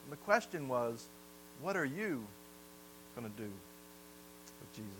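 A man's voice: mid-range voice, big pitch swings, measured pace, a bit bright, a little hiss or hum, rough recording. A man from the South, preaching a sermon in a folksy storytelling way and putting questions to the congregation. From American South. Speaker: pastor.

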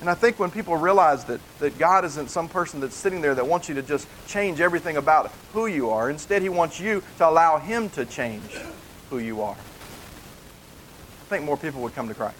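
A man's voice: on the high side, lively intonation, normal speed, a bit bright, slight background noise, low-quality recording. A male pastor preaching a conversational sermon in a plain, folksy way, earnestly repeating key points for emphasis.

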